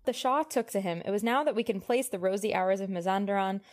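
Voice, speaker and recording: A woman co-hosting a podcast who reads passages from a novel aloud and breaks off to joke and laugh. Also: medium pitch. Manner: joking, laughs often, pauses on fillers. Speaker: podcast co-host. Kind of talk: casual chat mixed with reading aloud from a novel.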